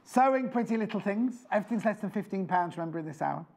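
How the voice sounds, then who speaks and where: A man's voice: high voice, lively intonation, quick pace, vocal fry, darkish tone. A man presenting on a live shopping channel, chatting with enthusiasm and jokes. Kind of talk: live TV sales chat. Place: TV studio.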